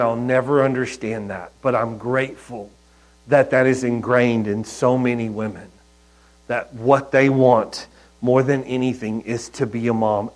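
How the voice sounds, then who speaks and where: A man preaching a sermon in a conversational, storytelling way, with soft asides. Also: medium pitch, poor audio. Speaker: pastor.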